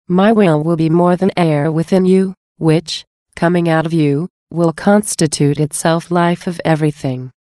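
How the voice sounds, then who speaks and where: A gentle, solemn male divine figure speaks tenderly and earnestly, as a woman reads his words aloud. The voice is low and mellow, recorded close and dry. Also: no room sound, lightly acted.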